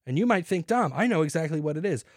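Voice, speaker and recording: A young man hosting a casual beer podcast, jokey and animated, swinging into mock announcer bits. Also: on the high side, quick pace, no room sound, studio quality. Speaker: podcast host.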